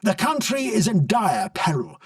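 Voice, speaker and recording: A man voicing an elderly, pompous male lord chairing a meeting, speaking gravely, recorded dry from a distance. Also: sits high, huge pitch swings, unhurried, no room sound, pitched above the performer's own voice, full character voice.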